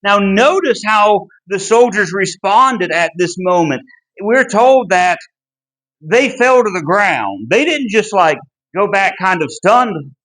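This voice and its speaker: A man leads a Bible study lesson in an unhurried, deliberate way. His voice sits high for a man. He is earnest and emphatic, almost pleading when he drives a point home. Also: expressive, fairly bright tone, low-quality recording. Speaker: Bible class teacher.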